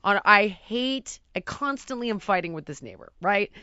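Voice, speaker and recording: Animated bright-voiced woman telling a story. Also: mid-range voice, normal speed, no echo, highs cut off. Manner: animated and exasperated, acting out sounds and voices. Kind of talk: storytelling in casual chat.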